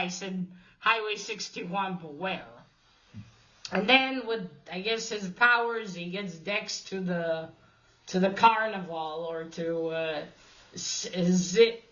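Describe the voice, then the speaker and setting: A woman's voice: on the low side, slow, sharp tone, muffled recording. A woman casually recapping a comic issue in a rambling way, swearing freely and restarting her sentences often. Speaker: comic review host.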